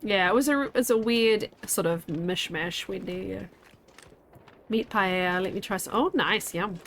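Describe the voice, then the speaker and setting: A woman's voice: medium pitch, moderate pace, a bit bright, slight background noise. A woman, chatting casually while streaming a game and rambling as she answers her chat.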